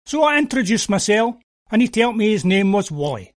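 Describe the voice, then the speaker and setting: A Scottish man telling a story in broad dialect, wry and homely, with a high voice. His pitch moves up and down lively, and the sound is dry and close. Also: a little fast, dry recording. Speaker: narrator. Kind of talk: dialect storytelling of an audio play.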